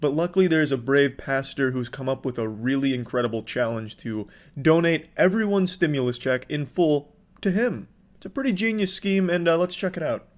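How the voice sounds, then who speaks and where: A man commenting on a video in a sarcastic, mock-sincere way, his voice sitting a little high for a man. He swears freely and piles on the irony. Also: lively intonation, normal speed.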